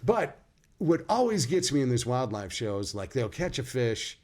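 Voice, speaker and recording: A man's voice: medium pitch, sing-song, unhurried, a little mellow. A man in his fifties with an American accent, co-hosting a casual podcast chat, joking and laughing often. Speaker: podcast co-host.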